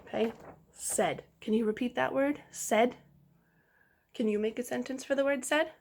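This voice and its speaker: A woman teacher giving a slow, clear phonics lesson to young children, sounding out each letter and inviting them to repeat. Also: fairly high pitch, darkish tone, slight background noise.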